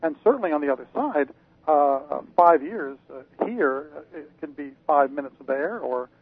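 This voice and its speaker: A man, a parapsychologist guest on a radio interview, explaining slowly with many fillers and restarts over a phone line. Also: fairly high pitch, animated. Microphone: phone call-in. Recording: tinny phone line, dry.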